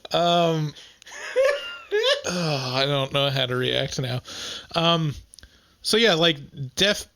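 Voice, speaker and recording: A man co-hosting a podcast in casual chat. He laughs often and fills pauses with "like" and "um.". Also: fairly high pitch, gravelly, bright, forceful tone, a little hiss or hum. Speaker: podcast co-host.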